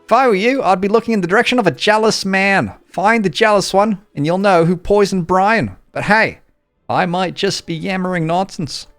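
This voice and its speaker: A man's voice: high voice, moderate pace, fairly bright tone, dry recording, faint music behind, voice pushed up. A man voicing a boastful, gossiping male tavern keeper in a put-on Australian accent, with folksy slang. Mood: gossipy. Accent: mock Australian.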